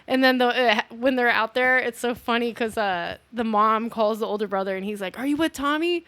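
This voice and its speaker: A woman's voice: a little high, normal speed, no room sound. A woman in casual chat retelling a movie plot, quoting characters and swearing casually. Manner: relaxed storytelling, quotes characters, swears casually.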